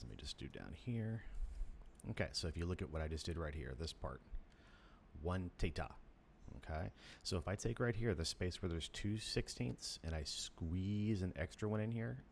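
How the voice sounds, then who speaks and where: A man's voice: low-pitched, gravelly, a little hiss or hum. A man teaching snare drum rhythms, explaining step by step and counting beats aloud. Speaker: percussion teacher. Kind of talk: instructional lesson.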